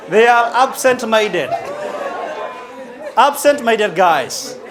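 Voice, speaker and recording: High-voiced Kenyan man teasing a crowd. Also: very animated, a little slow, heavy background noise. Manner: teasing, punchy, playfully provocative. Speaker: motivational speaker. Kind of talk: humorous conference speech. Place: large hall with a live audience.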